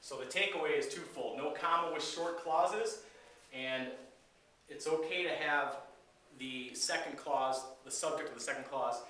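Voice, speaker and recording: English teacher in a very echoey room. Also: male voice, on the high side, measured pace, far from the mic. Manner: relaxed, explanatory, with frequent fillers. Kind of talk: recorded grammar lecture.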